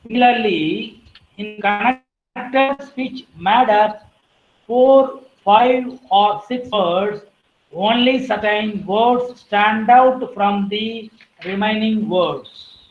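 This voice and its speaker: A woman giving an academic lecture, listing terms one by one and clearing her throat now and then. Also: mid-range voice, extremely slow, reverberant, narrow, tinny audio.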